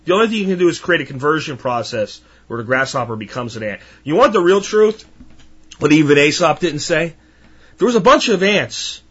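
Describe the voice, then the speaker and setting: A man's voice: a little high, fairly bright tone, highs cut off. A man hosting a podcast who talks in a passionate, emphatic, ranting way. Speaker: podcast host. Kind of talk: monologue podcast.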